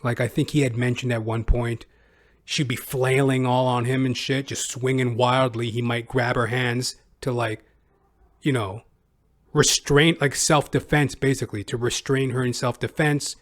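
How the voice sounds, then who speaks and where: A man's voice: mid-range voice, steady tone, moderate pace. A man hosting a podcast, giving crude, profane and sarcastic commentary in a rambling casual way. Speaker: podcast host.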